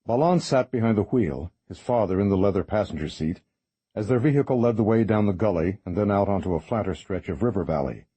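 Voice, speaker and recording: Brief: low-voiced husky man, measured audiobook narration, dry studio sound. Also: lively intonation, mellow, no echo.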